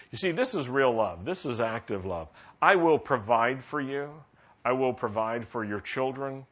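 A man's voice: mid-range voice, very animated, normal speed, fairly bright tone. A male pastor preaching a sermon and asking the congregation questions to draw them in. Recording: dull lo-fi sermon recording.

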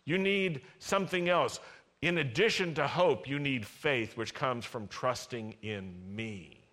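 Bright-voiced, unhurried male preacher. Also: mid-range voice. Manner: animated, acts out voices, has the congregation repeat lines. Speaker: pastor. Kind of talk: sermon.

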